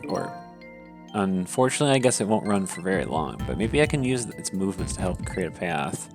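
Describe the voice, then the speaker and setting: A man's voice: low-pitched, sing-song, brisk, over music. A man playing a video game and reading its dialogue aloud in a casual, wry way. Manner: casual, wry, reads game lines with light voicing. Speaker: game let's player. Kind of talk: let's play commentary reading dialogue aloud.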